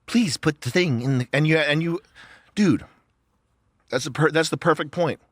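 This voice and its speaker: A man's voice: fairly high pitch, normal speed, no room sound. A man in a casual podcast chat, ranting with profane disbelief into a close mic. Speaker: show co-host.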